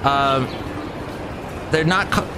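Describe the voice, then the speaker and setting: A man's voice: medium pitch, very slow, background noise. A man hosting his own podcast, rambling jokily from one tangent to the next. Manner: rambling, jokey, jumps between tangents. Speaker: podcast host. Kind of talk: casual comedic monologue.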